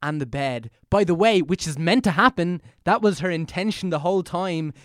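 A man's voice: sits high, expressive, normal speed, a bit bright, no echo, clean studio sound. An Irish man casually telling a story on a podcast, rambling with many fillers and frequent laughter. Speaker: podcast co-host. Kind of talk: casual chat.

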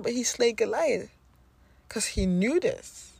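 A woman's voice: a little high, animated, takes it slowly, gravelly, a little mellow, slightly rough, no room sound. A woman podcast host delivering a spiritual affirmation talk, repeating phrases with rhythmic emphasis.

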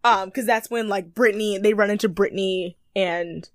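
A young woman co-hosting a casual recap chat, animated and playful, laughing often. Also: medium pitch, moderate pace, no room sound, clean studio sound. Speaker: podcast co-host.

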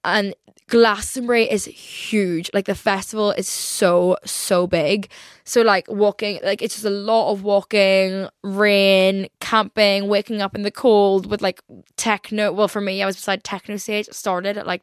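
A woman's voice: mid-range voice, clear, resonant tone, dry recording, clean studio sound. A young woman hosting a podcast, chatting in a casual storytime monologue, swearing often and filling her talk with "like". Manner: chatty, swears a lot, heavy use of "like". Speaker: podcast host.

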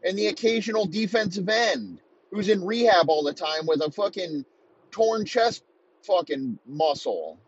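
Guy in his 30s going off on a sweary rant, kinda high voice, bit raspy. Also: lively intonation, muffled recording. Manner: heated, rapid-fire, swearing constantly. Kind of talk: profane comedic rant.

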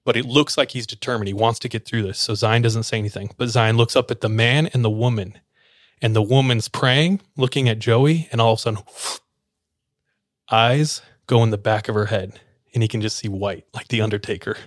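A man's voice: lowish voice, fairly even intonation, brisk, no echo, studio quality. A man telling a story in a loose, conversational way, full of filler words, acting out what people said. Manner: loose and conversational, many filler "like"s, acts out quoted lines. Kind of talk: casual spoken storytelling.

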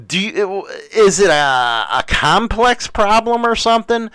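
A man's voice: sits high, very animated, unhurried, few pauses, a bit bright, smooth, no echo. A man from the United States hosting a stream, reading chat and rambling crudely with lots of fillers and jokes.

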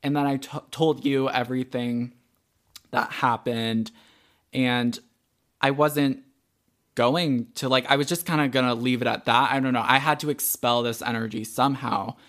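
A young man co-hosting a podcast, telling a story in casual chat, animated and swearing freely with lots of "like" fillers. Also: medium pitch, moderate pace. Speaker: podcast co-host.

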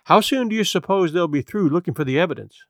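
A woman's voice: lowish voice, expressive, fast, no echo, clean studio sound. A man reading aloud voices a grieving middle-aged farm wife who talks with impassioned, pleading urgency. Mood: wistful. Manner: impassioned, pleading, voice rising with feeling.

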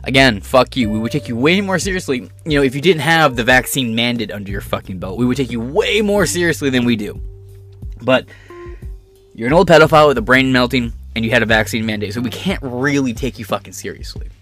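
A man's voice: mid-range voice, lively intonation, fairly quick, fairly bright tone, soft background music. A man giving ranting political commentary in a profane, sarcastic and combative way.

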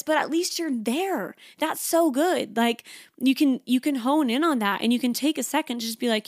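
A woman hosting a casual self-help podcast, fairly high-pitched and chatty, leaning on "like" as she talks. She sounds encouraging and reassuring throughout. Her voice is close and dry, with no room around it. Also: moderate pace, no room sound. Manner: chatty, frequent "like" fillers. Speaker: podcast host.

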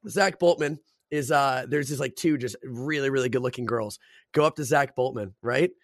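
A man's voice: mid-range voice, moderate pace, no room sound, clean studio sound. A young man hosting a casual podcast chat, telling rambling stories full of swearing and "bro". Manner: swears a lot, says "bro" and "dude"; rambling animated storyteller.

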